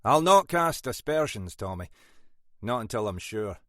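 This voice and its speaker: A man's voice: on the low side, big pitch swings, unhurried, dry recording. A man voicing a brusque, scolding older Scottish male detective inspector in an audiobook. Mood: stern. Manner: brusque, scolding, dry wit. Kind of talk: audiobook character voice.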